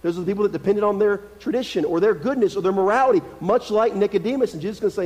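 High-voiced preacher in an echoing hall. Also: male voice, racing, darkish tone. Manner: conversational, emphatic, repeats key phrases. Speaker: pastor. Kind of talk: sermon. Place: church sanctuary.

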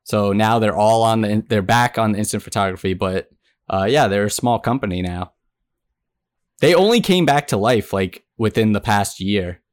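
A young man holds forth on a podcast, explaining with emphatic, opinionated energy. His voice is a bit low, recorded dry and close. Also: moderate pace, no echo. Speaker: podcast co-host. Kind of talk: casual chat.

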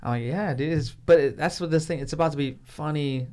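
A man's voice: a little high, a little fast, darkish tone. A young man in casual chat, telling stories with lots of slang and swearing, now and then acting out his friends' lines in a raised voice. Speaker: podcast guest.

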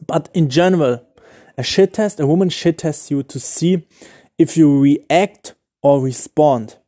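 Man talking dating advice, mellow voice. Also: on the high side, a little slow. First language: not English. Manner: loose, explanatory, full of "like" and "okay?"; searches for words, restarts. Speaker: podcast host giving dating advice. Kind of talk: casual solo podcast talk.

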